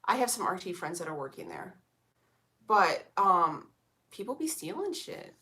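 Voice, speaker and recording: Sassy young woman streamer, crisp bright tone, blunt slangy chatter. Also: fairly low pitch, very animated, unhurried. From Illinois, USA. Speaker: vlogger reading live chat. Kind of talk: casual live-stream chat.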